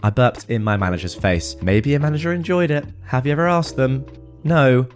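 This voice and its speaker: A man's voice: mid-range voice, moderate pace. A man reading reddit posts aloud and adding wry comments, with faint music behind him. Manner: wry, animated commentary with frequent laughs. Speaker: reddit storytime host.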